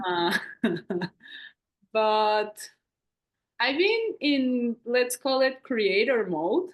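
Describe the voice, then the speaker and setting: Slow, reflective woman podcast host. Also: on the high side, big pitch swings. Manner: reflective, rambling, many "like" fillers. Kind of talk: casual conversational podcast chat.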